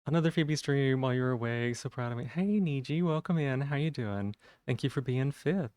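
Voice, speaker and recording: A man's voice: mid-range voice, normal speed, a little mellow, dry recording. A man chatting casually on a live stream, rambling with lots of fillers and restarts.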